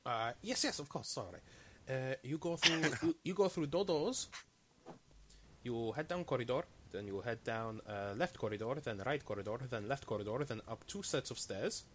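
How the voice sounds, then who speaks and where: A man's voice: mid-range voice, animated, moderate pace, background noise, close to an everyday voice. A man voicing a shifty male trader who talks in broken English, haggling and repeating his words. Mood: eager.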